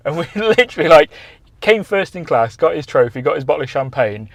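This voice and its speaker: A man hosts a casual podcast in a middle-pitched voice. He is chatty and trades quick remarks. The recording is dry. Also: sing-song, dry recording. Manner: chatty, backchannels often.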